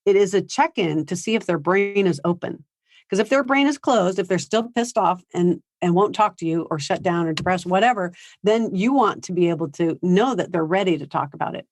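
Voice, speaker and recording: At a high school seminar, a woman gives a conversational parenting talk, acting out what teens and parents say. Her voice is fairly low, animated and fairly quick, captured as a dry, clean studio recording.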